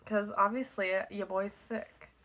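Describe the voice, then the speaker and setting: A woman's voice: medium pitch, steady tone, measured pace, fairly bright tone. A teenage girl with a stuffy, congested nose, rambling casually on a live stream, full of "like" and casual swearing.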